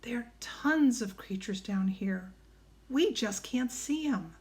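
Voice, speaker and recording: A woman's voice: fairly high pitch, expressive, takes it slowly, darkish tone. A woman reading a storybook aloud, voicing a cautious, bookish young boy who talks carefully and a little worried. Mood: earnest.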